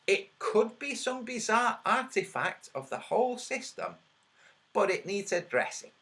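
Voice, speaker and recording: A man with a high, bright voice and a trembly edge gives a slow, argumentative commentary over his screen. He counts out loud, and his pitch jumps around a great deal. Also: big pitch swings, husky. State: slightly trembly voice. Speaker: online video creator.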